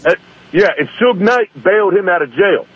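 A man calling in to a talk radio show, ranting indignantly in rapid bursts over a muffled phone line. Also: high voice, animated, slightly rough, no echo. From East Baltimore. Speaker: caller. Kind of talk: call-in radio rant.

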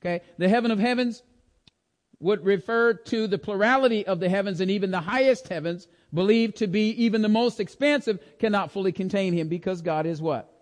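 A man preaching a Bible-teaching sermon, lively and emphatic, often asking the congregation questions. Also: sits high, a little fast.

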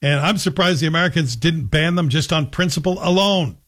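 A man's voice: on the high side, brisk, fairly bright tone. A man hosting a radio talk show, delivering a sardonic, joking opinion monologue. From Scotland. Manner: sardonic, joking, slips into a Scottish voice for anecdotes.

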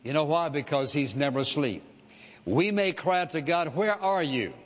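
A man preaches in a plain, talky way, with many fillers and "listen" asides. His voice sits a little high for a man. The sound is dull and lo-fi, with a long echo trailing in a big hall. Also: lively intonation, normal speed. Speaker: pastor. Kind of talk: sermon.

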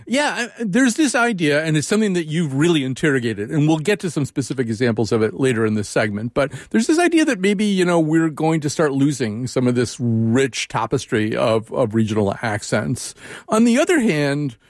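Guy hosting an interview, thinks out loud, lots of ums, dry close sound. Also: a little high, very animated, normal speed, no room sound. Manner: musing, searching for words. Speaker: host. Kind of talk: conversational interview.

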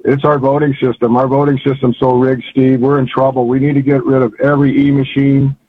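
A man's voice: medium pitch, flat delivery, fairly quick, breathy edge, no room sound. Older male caller on a tinny phone line. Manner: rambling, folksy and fervent. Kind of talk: phone-in chat.

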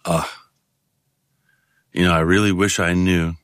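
A man in his sixties, a guest in a conversation, talking in a halting, reflective way with many restarts. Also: deep voice, flat delivery, fairly bright tone, no room sound, clean studio sound. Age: 60s. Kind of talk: casual conversation.

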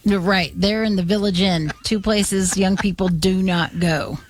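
Slow dry woman co-host. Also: mid-range voice, fairly even intonation. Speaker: radio co-host. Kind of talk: casual radio chat.

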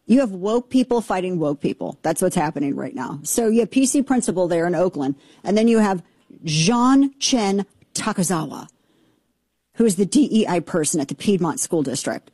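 A woman's voice: on the low side, lively intonation, moderate pace, warm tone, slightly rough, dry recording. Sarcastic woman hosting political commentary. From rural Missouri. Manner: sarcastic, emphatic and mocking.

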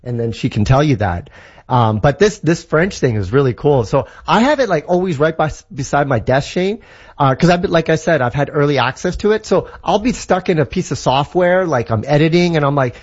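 Husky enthusiastic man explaining tech. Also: a little high, lively intonation, a little fast, dull audio. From Canada. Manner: enthusiastic, explains with examples, many fillers. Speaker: tech guest. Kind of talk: casual explainer chat.

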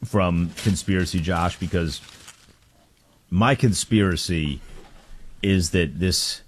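A man co-hosting sports talk radio, laid-back and joking. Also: deep voice.

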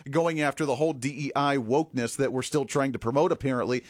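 A man's voice: mid-range voice, quick pace, no echo. A man hosting a political commentary show, talking with sarcastic asides and the odd chuckle. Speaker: host.

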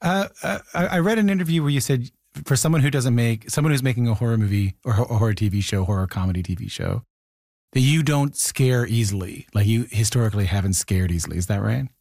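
Fast-talking male interviewer. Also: mid-range voice, darkish tone, no room sound, clean studio sound. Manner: quick questions with stumbling restarts. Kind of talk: conversational interview.

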